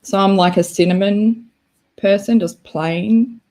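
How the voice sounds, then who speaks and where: A woman's voice: mid-range voice, unhurried, dark tone. A young Australian woman hosting a casual livestream, chatty and self-deprecating as she reacts to her chat. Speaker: livestream host.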